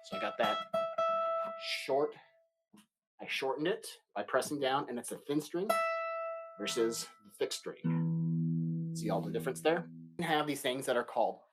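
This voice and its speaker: Patient music teacher talking to kids. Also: male voice, medium pitch, sing-song. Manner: patient, explains slowly with playful asides to kids. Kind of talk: remote music lesson for children. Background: guitar playing.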